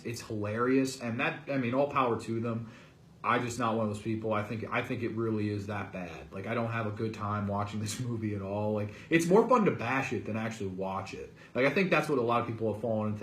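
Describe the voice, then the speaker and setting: A man hosting a casual movie review, ranting in an animated, incredulous way and leaning on "like" and "man". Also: mid-range voice, brisk, echoey room, a little hiss or hum. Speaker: host.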